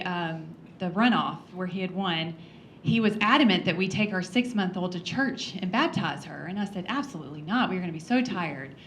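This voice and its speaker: A congresswoman giving a heartfelt personal speech at a breakfast event, earnest and storytelling, with soft laughs and frequent ums. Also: on the low side, a little hiss or hum.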